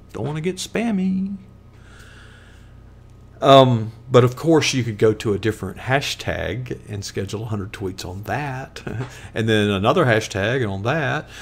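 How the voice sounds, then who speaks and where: A man's voice: mid-range voice, vocal fry, slight background noise. A man hosting a live stream, talking casually in a chatty, rambling way with lots of fillers and asides.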